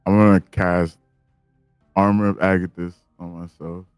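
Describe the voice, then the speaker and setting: A man's voice: low-pitched, level tone, normal speed, smooth, no echo, faint music behind. A man playing a tabletop game, blunt and swearing freely in casual chat. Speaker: player.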